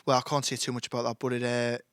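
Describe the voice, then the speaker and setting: A man's voice: mid-range voice, completely flat delivery, rapid-fire, clear, resonant tone, no room sound. A young man, a musician guest, chatting casually in a live interview, telling jokey stories with the odd swear word.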